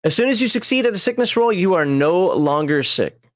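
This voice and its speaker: A man's voice: high-pitched, expressive, fairly quick, no echo, studio quality. A man casually reading game rules on a livestream, rambling with frequent chuckles and side tangents. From American Upper Midwest.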